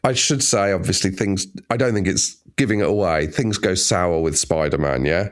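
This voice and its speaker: A man's voice: low voice, moderate pace. A man co-hosting a podcast, chatting in a wry, joking way and swearing freely. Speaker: podcast co-host. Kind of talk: casual comedic chat.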